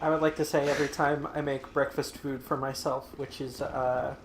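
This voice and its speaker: Dude hosting a lets play, dry wry comments, bit of static hiss under it. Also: male voice, mid-range voice, level tone, normal speed. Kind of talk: casual group commentary over gameplay.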